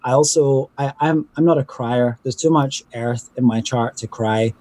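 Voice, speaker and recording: A man's voice: mid-range voice, moderate pace, a little mellow, dry recording. A man talking casually as a podcast guest, chatty and often laughing. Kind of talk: casual chat.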